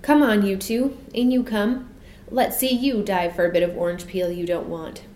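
A woman's voice: on the low side, moderate pace, reverberant, slight background noise, close to an everyday voice. A woman voicing a small black seal who talks in a bitter, angry way. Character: bitter little male seal.

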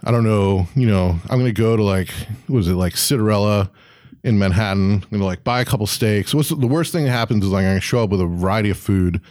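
A man tells a story in loose, casual talk, full of swearing and voiced quotes of the people in it. His voice sits low. The sound is dry and close, with no room around it. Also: fast, a little mellow, no room sound. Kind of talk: casual anecdote.

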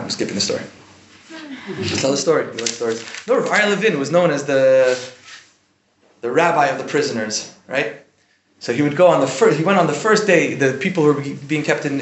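A man with a somewhat high voice teaches an informal religious class, chatty and lively, tossing "right?" to his listeners. The room around him is echoey, with a faint hiss in the background. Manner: conversational, often asks "right?", animated bursts. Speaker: Jewish teacher giving a class. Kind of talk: informal Torah lecture.

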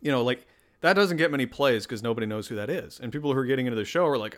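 A man's voice: mid-range voice, animated, racing, a bit bright. A man hosting a podcast alone, talking casually in a rambling, self-deprecating way. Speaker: podcast host. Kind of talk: casual solo podcast chat.

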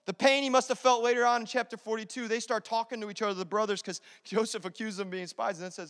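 A young adult man preaching a sermon as pastor, animated, moving between loud declarations and hushed, intimate asides. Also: sits high, fast, hardly any pauses, smooth, in a large hall.

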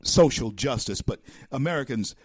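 A man hosting a talk show, giving a political commentary monologue in a preacher-like way that builds to loud, emphatic peaks and calls his listeners folks. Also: mid-range voice, expressive, moderate pace, no room sound. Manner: addresses listeners as folks and my friends.

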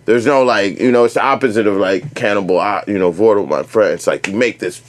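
A male host and fellow artist asking questions in a halting way, often stopping to search for words. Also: fairly low pitch. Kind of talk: casual interview chat.

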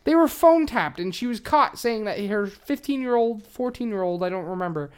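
A woman's voice: medium pitch, lively intonation, normal speed, smooth. A young woman co-hosting a casual true-crime podcast, swearing freely, rambling and laughing often. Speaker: podcast co-host.

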